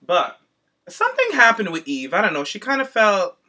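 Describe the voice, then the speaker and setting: Male podcast co-host, bright, forceful voice, sassy and animated, slightly high. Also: moderate pace. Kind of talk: casual chat.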